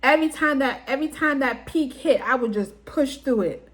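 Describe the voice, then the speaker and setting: A woman's voice: sits high, normal speed. A woman vlogger telling a personal story to her viewers in a casual way, laughing often and acting out what people said. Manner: animated, laughing often, acts out quotes.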